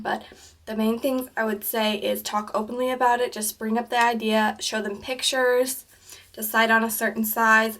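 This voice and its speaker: A woman's voice: fairly high pitch, a bit bright. A teenage girl giving casual advice to camera, talking chattily with lots of "like" and "um", and acting out the conversations she describes. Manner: chatty, peppered with "like" and "um"; acts out quoted conversations in livelier voices. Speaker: vlogger.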